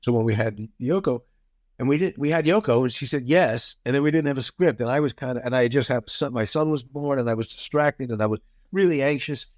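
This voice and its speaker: A man in his sixties telling show-business anecdotes as a guest, animated and often acting out quotes. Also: mid-range voice, fairly quick, dry recording, studio quality. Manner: lively storyteller, acts out quotes.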